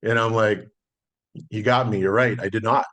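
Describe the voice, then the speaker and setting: A middle-aged man, a solar sales consultant, telling a relaxed story in a podcast interview and acting out the dialogue. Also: fairly low pitch, moderate pace. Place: Las Vegas.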